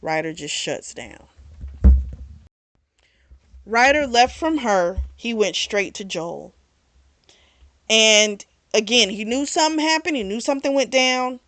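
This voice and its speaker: A woman hosting a book club vlog, chatting her way through a story recap with lively asides. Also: fairly high pitch, takes it slowly, long pauses.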